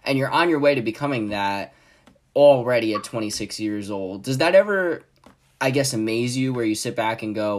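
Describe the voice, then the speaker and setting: A man's voice: mid-range voice, lively intonation, moderate pace. A man hosting an interview, reflectively summing up his guest's story before asking questions. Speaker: interview host.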